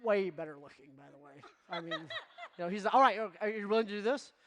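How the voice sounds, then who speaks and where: A man giving a motivational keynote to real estate agents, energetic and constantly checking in with the audience. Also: high-pitched, quick pace, long reverb tail. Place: conference stage before a live audience.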